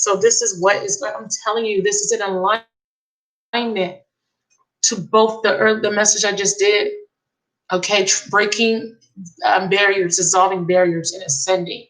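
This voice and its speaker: A woman giving a live tarot reading, excitable and emotional, repeating key phrases. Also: medium pitch, measured pace, poor audio. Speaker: tarot reader.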